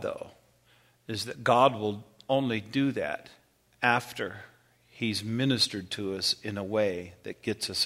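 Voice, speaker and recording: A man preaching a sermon retells scripture in an animated way. He keeps asking the congregation questions. His voice is bright and forceful, at a middle pitch. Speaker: pastor.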